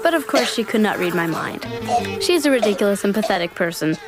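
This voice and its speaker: A woman's voice: medium pitch, big pitch swings, fairly quick, natural voice. An actress voicing a fourteen-year-old alien girl in a human body, speaking a diary voice-over in formal, haughty phrasing. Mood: disdainful. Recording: film clip with loud music behind.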